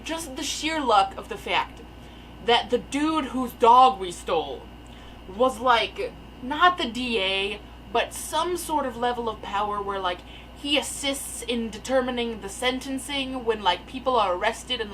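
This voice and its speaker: A young woman telling a rambling, animated story in casual storytime style from her attic room. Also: on the high side, unhurried, slight background noise, poor audio. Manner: rambling, animated, filler-heavy. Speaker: storyteller vlogger. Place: attic bedroom. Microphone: camera mic.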